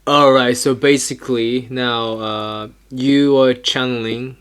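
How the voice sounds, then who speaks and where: A woman's voice: rumbling low, steady tone, slow pace, clean tone. A woman hosting a podcast in casual chat, asking short clarifying questions and acknowledging briefly. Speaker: podcast host.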